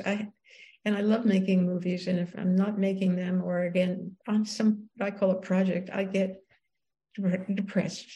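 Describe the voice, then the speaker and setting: A woman's voice: mid-range voice, vocal fry, mellow, rough recording. A woman in her eighties, an author and filmmaker, reading her memoir aloud and then answering questions reflectively. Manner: reflective, halting restarts when speaking freely.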